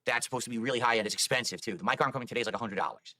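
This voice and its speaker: A man streamer with a medium-pitched, bright, pushed voice talks very fast on a live stream. The video game streamer rambles at length, explaining himself defensively.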